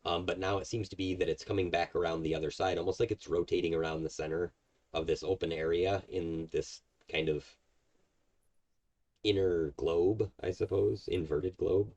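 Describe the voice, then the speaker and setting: A man's voice: low voice, fairly even intonation, normal speed, a little mellow. A man narrating as game master of a tabletop game, explaining at length with many fillers. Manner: rambling, filler-heavy explaining.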